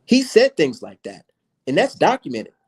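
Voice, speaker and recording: A man's voice: fairly high pitch, huge pitch swings, moderate pace, husky. A man from the United States, a channel host arguing in a heated online debate, combative and mocking, swearing freely.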